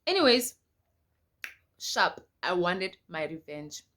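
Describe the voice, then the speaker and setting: Animated South African woman telling a story. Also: lowish voice, takes it slowly. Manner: animated and emphatic, addresses viewers as guys, repeats lines. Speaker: storytime vlogger. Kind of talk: casual storytelling to camera.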